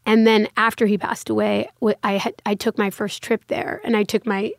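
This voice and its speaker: A woman in her thirties chats as a guest, looping through "like" and small restarts as she tells her story. Her voice sits at a middling pitch, recorded close and dry with no room sound. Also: level tone, moderate pace, vocal fry, no room sound. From United States. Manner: chatty, many fillers and restarts. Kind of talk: casual interview conversation.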